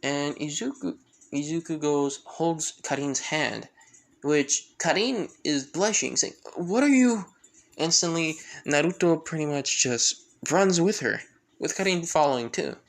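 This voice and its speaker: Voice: medium pitch, measured pace. A storyteller improvising a fan story, rambling with frequent restarts and fillers. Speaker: fan fiction narrator.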